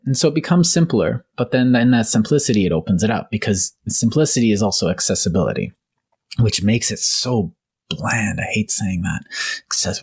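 A man's voice: on the low side, lively intonation, moderate pace, breathy edge. A man co-hosting a casual discussion podcast, rambling enthusiastically and often correcting himself. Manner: rambling, self-correcting, enthusiastic about literature. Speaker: podcast co-host.

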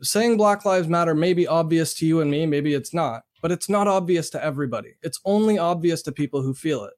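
A Canadian man in casual chat, explaining his point in a measured, reasoning way. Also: on the high side, darkish tone.

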